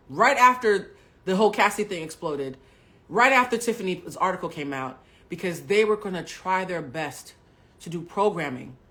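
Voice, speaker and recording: A woman's voice: deep voice, a bit bright. A woman host and journalist speaking candidly on a livestream, emphatic and outspoken, swearing freely and talking straight to her viewers.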